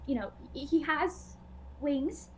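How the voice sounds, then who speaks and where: A woman playing a tabletop game, describing her character's actions in an animated, excitable way. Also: high voice, slow, slight background noise. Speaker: player. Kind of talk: casual tabletop play.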